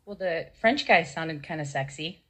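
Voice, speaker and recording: A woman's voice: sits low, animated, moderate pace, fairly bright tone. A woman contestant on a game show, giggly and cheerful.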